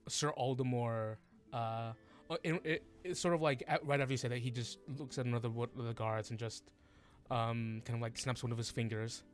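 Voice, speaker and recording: A man narrating as game master, halting with many fillers and restarts. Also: mid-range voice.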